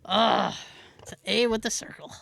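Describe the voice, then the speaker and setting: A woman co-hosting a podcast, telling a story in a casual, animated way and laughing often. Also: on the high side, normal speed, vocal fry. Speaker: podcast co-host.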